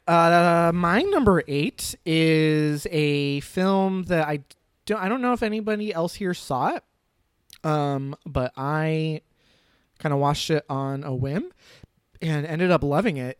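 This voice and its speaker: A man hosting a casual film-ranking chat, his voice pitched a little high and smooth. He rambles along with plenty of fillers. The recording is dry and close. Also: expressive, unhurried, no echo.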